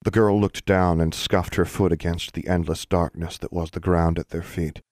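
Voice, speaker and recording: Deep-voiced male audiobook narrator. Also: steady tone, normal speed, a little mellow, dry recording, studio quality.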